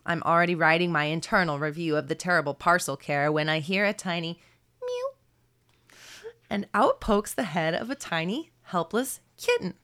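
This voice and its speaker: A woman's voice: on the low side, fairly bright tone. A woman reading her own short story aloud with playful asides and joking with her co-host. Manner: playful, wry reader with asides. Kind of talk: casual chat and story reading.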